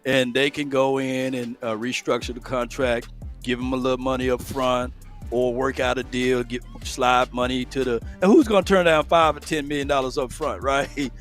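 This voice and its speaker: A man's voice: medium pitch, fairly even intonation, moderate pace, fairly bright tone, soft background music. A man co-hosting a casual sports talk stream, chatty and explaining at length with laughs. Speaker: co-host, legal analyst.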